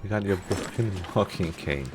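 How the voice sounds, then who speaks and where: A man's voice: low-pitched, moderate pace. A man from Denmark with a Danish accent, chatting casually as a streamer and reading in-game text aloud with frequent giggles. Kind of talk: casual gameplay commentary. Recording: music in the background.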